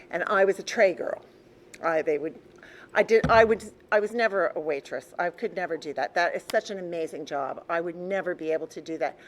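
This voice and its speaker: Older woman, lowish voice, candid recovery-meeting share, faint room noise. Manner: candid, conversational, with frequent restarts and soft laughs. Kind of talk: personal story told to a group.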